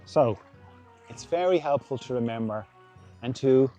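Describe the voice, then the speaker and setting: A man hosting a reflective spiritual talk, musing gently and voicing imagined thoughts aloud. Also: medium pitch, expressive, a little slow, soft background music. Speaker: podcast host.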